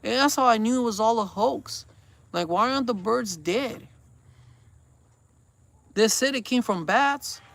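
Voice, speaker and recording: High-pitched guy in his 40s, preachy rambling vlog talk. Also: lively intonation, unhurried, creaky, pauses often, fairly bright tone, no room sound. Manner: earnest, preachy, repeats himself. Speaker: vlogger. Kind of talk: casual rambling chat.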